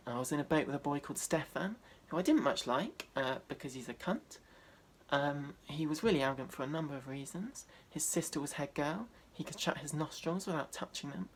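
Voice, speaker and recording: A man, doing a deadpan, self-deprecating stand-up set. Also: a little high, brisk. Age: 20s. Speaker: stand-up comedian.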